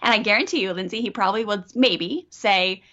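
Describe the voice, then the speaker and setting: A middle-aged woman coaching a parent on a call, animated and acting out child and parent voices. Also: medium pitch, brisk. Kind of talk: coaching a caller. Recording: dull lo-fi audio.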